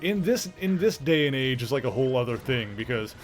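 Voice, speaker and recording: A man's voice: mid-range voice, animated, a little fast. Man, mild Canadian accent, rambling casual chat, fillers and restarts, faint game music behind. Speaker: streamer. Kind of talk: casual chat while gaming.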